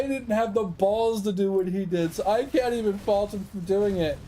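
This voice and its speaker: While streaming a game, a man with a high-sitting voice tells a long story casually at normal speed, swearing freely and animatedly acting out the voices of people he quotes. The audio is poor, with a little hiss or hum.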